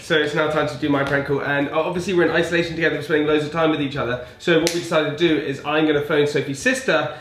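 A man's voice: on the high side, fairly even intonation, racing, few pauses, fairly bright tone, reverberant, slight background noise. A young man hosting a casual chat, chummy and laughing easily while making prank calls. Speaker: podcast host.

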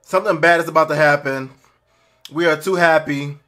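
A man reacting to a film for viewers, jumpy and loud, screaming, swearing and talking straight to his audience. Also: a little high, steady tone, moderate pace, background noise. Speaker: movie reactor.

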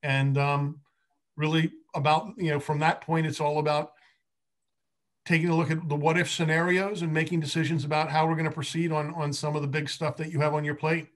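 A financial consultant presenting at a business meeting, speaking haltingly with frequent restarts and fillers. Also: male voice, fairly high pitch, flat delivery.

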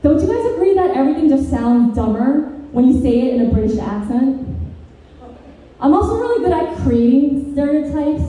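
High-voiced woman doing deadpan stand-up. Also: moderate pace. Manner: deadpan dark one-liners with sing-song lilts. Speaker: stand-up comedian. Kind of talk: stand-up comedy set. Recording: very echoey room, distant mic.

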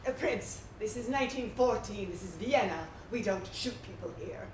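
An actress playing a vain, insecure stage star who is tipsy, speaking in a theatrical, self-mocking, giggly way. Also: female voice, mid-range voice, moderate pace, heavy background noise, close to an everyday voice. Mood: teasing. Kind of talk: live stage play acting. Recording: roomy stage sound from a distant mic.

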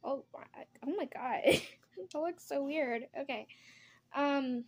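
A young woman vlogger chats casually while doing her makeup at home, drifting from one topic to another in a get-ready-with-me style. Her voice is high and she takes her time, with a slight hiss or hum in the background.

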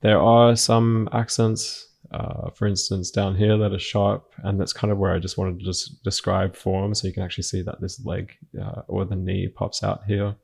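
A man teaching a painting lesson, narrating his work in a relaxed way, thinking aloud with frequent fillers and restarts. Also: deep voice, normal speed, creaky, hardly any pauses, slightly rough. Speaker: painting instructor. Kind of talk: narrated screen-recorded art lesson.

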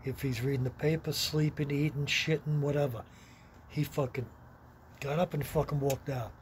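Gruff swearing New man. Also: on the high side, steady tone, normal speed. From Long Island, New York. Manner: blunt, heavy swearing, gruff. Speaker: storyteller. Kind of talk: rambling profane anecdote. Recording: noisy background with vehicle sounds.

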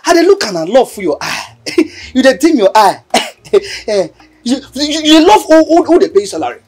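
An actor with a Nigerian accent playing a cheeky young houseboy who mocks and teases in a sing-song way. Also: male voice, very high-pitched, sing-song, moderate pace, heavily acted. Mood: mocking. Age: young adult. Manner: mocking, teasing, sing-song. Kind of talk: film acting.

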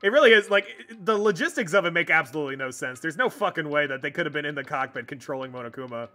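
A man's voice: a little high, lively intonation, fast, sharp tone, soft background music. A man streaming a video game, reading the dialogue aloud and joking, swearing and laughing often. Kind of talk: let's play commentary.

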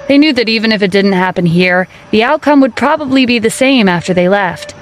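A woman reading a dramatic story aloud as narrator, in a steady storytelling manner. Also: medium pitch, brisk, a little hiss or hum. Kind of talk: scripted narration.

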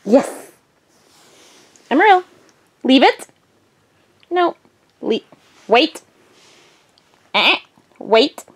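Woman with a lively, singing voice. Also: sits high, extremely slow, pauses often. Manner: sing-song praise and firm short commands to a dog. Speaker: vlogger training her service dog. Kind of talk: casual vlog talk and dog commands.

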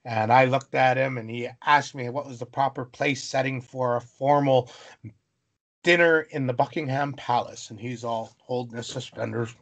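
A man from British Columbia, Canada, telling a story as an interview guest, animated and acting out voices. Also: medium pitch, normal speed. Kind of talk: storytelling in conversation.

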